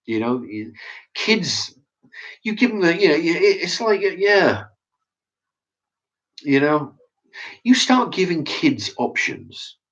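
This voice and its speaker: A man's voice: a little high, big pitch swings, slow, long pauses, a bit bright. A man hosts a casual opinion chat and reads viewer comments, talking bluntly and profanely in a ranting way. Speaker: channel host reading viewer comments. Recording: dull lo-fi sound.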